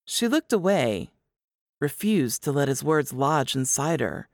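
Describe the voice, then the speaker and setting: A woman reads an audiobook in a low, slow, measured voice. Her pitch moves expressively through the story, and the sound is dry and close. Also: very animated, dry recording. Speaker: audiobook narrator. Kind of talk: scripted audiobook narration.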